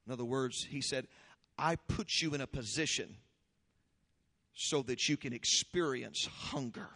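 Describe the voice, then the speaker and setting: A man preaching a sermon, leading prayer and praise with fervor, then reading scripture slowly and explaining it. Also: mid-range voice, expressive, vocal fry, long reverb tail. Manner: fervent, shouting praise then slow deliberate teaching. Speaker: pastor.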